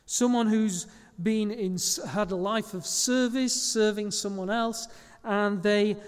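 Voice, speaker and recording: A man's voice: high voice, steady tone, takes it slowly, clear, resonant tone, big-room sound. A man preaching a sermon as pastor, speaking conversationally and correcting small slips as he goes.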